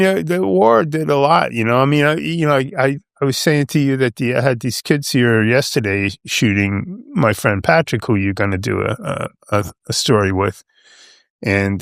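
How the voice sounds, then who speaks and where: With a medium-pitched voice and vocal fry, an older American man with a New York accent tells casual stories as a veteran guest, recorded cleanly in a studio with no room sound. His rambling delivery is packed with fillers and restarts, and he acts out quoted voices.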